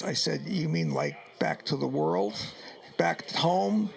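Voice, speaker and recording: A man's voice: fairly high pitch, sing-song, a little slow, creaky, fairly bright tone. An older man from New York telling his wartime story in a radio interview, acting out the dialogue as he goes and choking up at times. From New York, United States. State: choked up at times. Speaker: Vietnam veteran guest.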